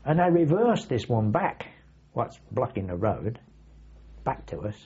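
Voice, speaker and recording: An older man tells vivid, salty anecdotes in casual oral-history storytelling, with a husky voice. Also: mid-range voice, sing-song, a little slow. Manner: vivid anecdotal, salty language, acts out his own shouts. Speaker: veteran recounting wartime memories. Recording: dull lo-fi archive recording.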